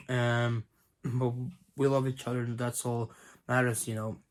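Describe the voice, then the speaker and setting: A young man giving a casual spoken review, rambling and hesitant, often clearing his throat between thoughts. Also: mid-range voice, level tone, unhurried. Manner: rambling, hesitant, many fillers and restarts, frequent throat clearing. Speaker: video reviewer.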